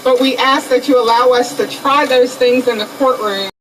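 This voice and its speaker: A woman prosecutor speaking in a measured, formal way at a press conference, her voice pitched a little high. The mic sits at a distance and clear background noise runs underneath. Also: fairly even intonation. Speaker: district attorney.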